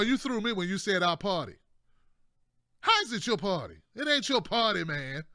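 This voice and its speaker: A male host giving casual political commentary in a loose, joking way. His voice is high and bright, with a pointed edge. The sound is dry and close, with no room echo. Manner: loose and conversational, keeps adding "man" and "y'all", jokey asides.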